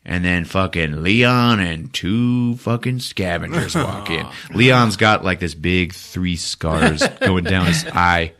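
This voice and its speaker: A man hosting a podcast, giving a profane, animated comic retelling of a movie. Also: low voice, takes it slowly, hardly any pauses. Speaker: podcast host.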